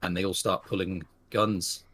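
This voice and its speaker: A man's voice: low voice, little pitch movement, normal speed, a bit bright, a little hiss or hum. A man narrating a western tabletop game as game master, rambling with many fillers.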